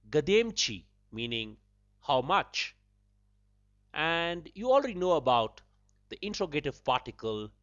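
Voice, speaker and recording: A man hosting a podcast language lesson, patiently repeating phrases slowly and breaking them into single words. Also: medium pitch, fairly bright tone, dry recording. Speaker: podcast host teaching a language. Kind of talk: slow spoken language lesson. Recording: dull lo-fi dry recording.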